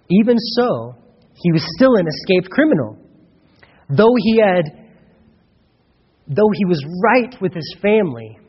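A man's voice: on the high side, slightly rough. A man preaching a sermon in a church hall in an earnest way, acting out the voices he quotes. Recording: dull, lo-fi recording in an echoey hall.

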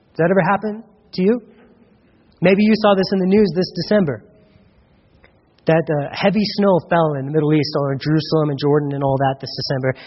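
A man from Colorado preaching a sermon as pastor, conversational and humorous, acting out little dialogues. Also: a little high. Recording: dull recording with long hall reverb.

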